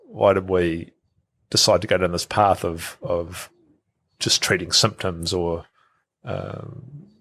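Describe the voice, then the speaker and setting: A man's voice: low-pitched, fairly even intonation, slow pace, long pauses, fairly bright tone. A middle-aged man, a podcast guest who talks casually, repeats words and acts out quoted thoughts. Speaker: guest, health researcher.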